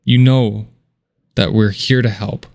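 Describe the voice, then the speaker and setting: A man voicing a calm male mage who speaks in a measured, solemn way. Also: lowish voice, creaky, no echo.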